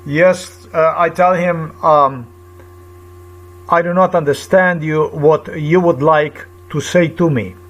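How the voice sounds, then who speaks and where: A man's voice: a little high, fairly even intonation, a bit bright. Agitated man telling a rambling story. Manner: halting, repetitive, searching for words; agitated and indignant. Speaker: vlogger. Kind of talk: rambling personal account.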